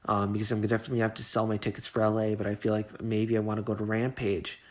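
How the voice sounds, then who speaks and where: A man's voice: on the low side, monotone, rapid-fire. A man hosting his own podcast, giving an earnest, emotional monologue and often repeating and restarting his words. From Southern California. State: getting emotional. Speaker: podcast host.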